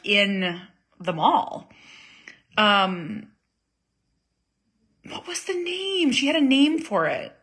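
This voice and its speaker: A woman in her thirties, a mother chatting casually to viewers, self-deprecating and quick to laugh. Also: medium pitch, bright, forceful tone, husky. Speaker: vlog host and mother.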